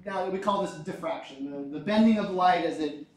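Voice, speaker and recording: A male teacher lecturing a class in a lively, joking way, often asking the students questions. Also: high-pitched, normal speed. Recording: echoey classroom.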